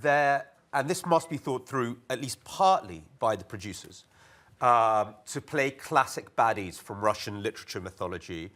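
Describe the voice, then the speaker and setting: Animated male panelist, former TV producer. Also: mid-range voice. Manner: animated, repetitive, quick asides. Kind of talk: panel discussion talk.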